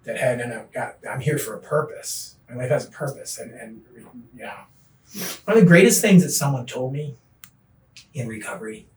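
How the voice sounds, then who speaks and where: A middle-aged man, a podcast guest, telling his recovery story in an earnest, animated way. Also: medium pitch, normal speed, recorded from a distance, a little hiss or hum. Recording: echoey room, voice off-mic.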